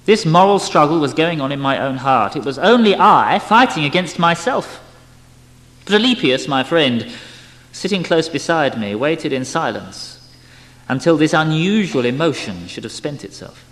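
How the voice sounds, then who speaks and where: A man giving an expressive, emotional dramatic reading of a spiritual memoir, his loudness swinging widely. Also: a little high, normal speed. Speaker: reader. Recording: long hall reverb.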